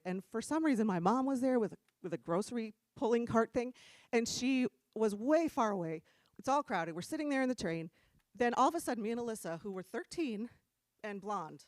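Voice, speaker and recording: Animated, dry-voiced woman preacher. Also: fairly high pitch, no echo. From New Jersey. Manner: animated, self-deprecating, laughs often. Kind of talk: casual storytelling sermon. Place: church room.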